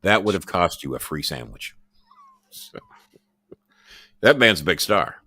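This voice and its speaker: A man's voice: sits low, big pitch swings, unhurried, sharp tone, no echo, studio quality. A man hosting his own show, rambling through casual stories with boasts, swearing and stammered restarts. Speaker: podcast host. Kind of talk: casual storytelling monologue.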